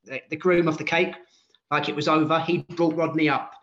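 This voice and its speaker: A man in his late thirties hosting a casual podcast chat, talking in an animated way with frequent laughs. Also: on the high side, fairly quick. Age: 30s. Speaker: podcast host. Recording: dull lo-fi sound.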